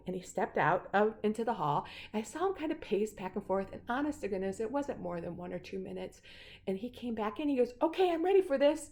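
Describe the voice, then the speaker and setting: A middle-aged woman casually telling a personal story, rambling with many fillers and restarts. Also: medium pitch. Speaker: speaker sharing a personal story.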